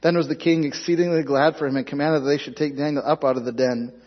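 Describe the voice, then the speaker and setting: A man's voice: a little high, fairly even intonation, quick pace. A man preaching a sermon, reading scripture aloud and pressing the congregation with emphatic rhetorical questions. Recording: dull lo-fi sound.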